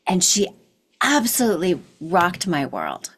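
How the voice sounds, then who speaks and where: Effusive woman co-host, halting. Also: on the low side, wildly swooping pitch, husky. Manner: effusive, emotional, halting restarts. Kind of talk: casual interview chat.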